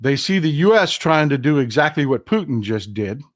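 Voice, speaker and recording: A middle-aged man with a Texan accent, hosting a casual political livestream in an animated, folksy way, swearing freely into a desk microphone. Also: fairly high pitch, normal speed. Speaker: livestream host.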